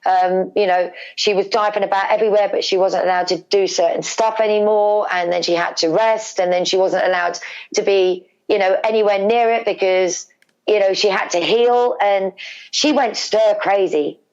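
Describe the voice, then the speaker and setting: A middle-aged woman with a British accent, a guest telling an emotional family story with animated repetition for emphasis. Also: mid-range voice, moderate pace. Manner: animated, repeats words for emphasis. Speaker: guest, wrestler's mother. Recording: slightly dull lo-fi recording.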